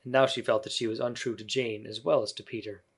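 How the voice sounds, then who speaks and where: A man narrating a storybook in a measured, even way, with a voice pitched in the middle of the male range. It is read as a steady audiobook. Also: slightly rough.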